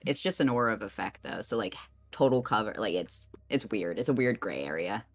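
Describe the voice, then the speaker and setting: Very low-voiced woman player, lively. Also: fairly quick, no echo. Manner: inquisitive, thinking aloud, giggly. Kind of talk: casual tabletop game chat.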